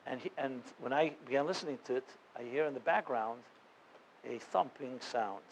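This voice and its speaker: A man's voice: mid-range voice, moderate pace, creaky, a little hiss or hum, poor audio. Earnest man telling a story to an audience. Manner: earnest, conversational, full of fillers and restarts. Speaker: rabbi and guest speaker. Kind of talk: storytelling talk to a live audience.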